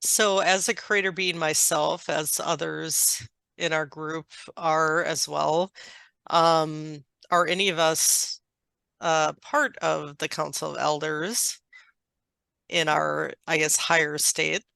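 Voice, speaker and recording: A member of a spiritual group asking the channel halting, hesitant questions. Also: mid-range voice, level tone, vocal fry, bright, forceful tone, clean tone, no room sound.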